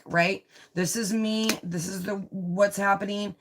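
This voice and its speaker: A woman's voice: mid-range voice, steady tone, unhurried, a little hiss or hum. A woman giving a live tarot reading, chatty and confiding, often checking in with "right?" and "you know". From Italian heritage. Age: adult with a child. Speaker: tarot reader.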